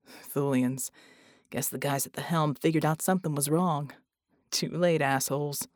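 Woman doing a low, gruff hero man. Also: steady tone, moderate pace, no room sound, clean studio sound, natural voice. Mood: grim. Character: steady hero man, gruff, calls wife darlin'.

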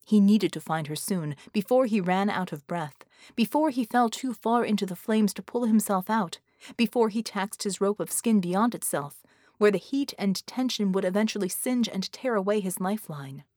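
A woman of medium pitch delivers scripted audiobook narration, steady and measured like a storyteller. The studio-quality recording carries no room sound.

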